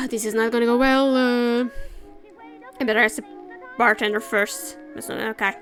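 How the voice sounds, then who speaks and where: Woman gaming and thinking aloud, high voice, self-mocking, quiet music underneath. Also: steady tone, normal speed. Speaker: gamer playing a story game. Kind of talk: casual let's-play commentary.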